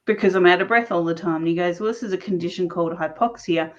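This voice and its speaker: A woman's voice: fairly low pitch, fast talker. Woman telling her story, muffled sound. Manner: animated, laughs often mid-sentence. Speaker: interview guest. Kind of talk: personal storytelling in conversation. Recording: dull lo-fi recording.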